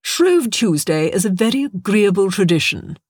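A woman playing a smug, unflappable gentleman who purrs his lines and swings his pitch around a lot. The sound is dry and close, as in an audiobook. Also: very animated, normal speed, breathy edge, no room sound. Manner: smug, purring. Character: smug, composed older gentleman academic.

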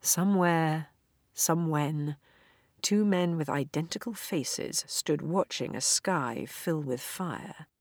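A woman reads a story aloud with a measured, expressive delivery. Her voice is lower than most women's, and the recording is very dry and close, with no room sound at all. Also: dry recording. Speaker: narrator. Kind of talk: audiobook reading.

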